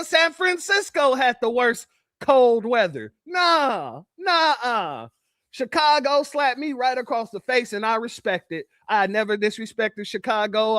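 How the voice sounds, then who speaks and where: A man's voice: sits high, pushed and bright, no echo, clean studio sound. A man from California giving casual commentary, laughing often and repeating himself. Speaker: commentary channel host.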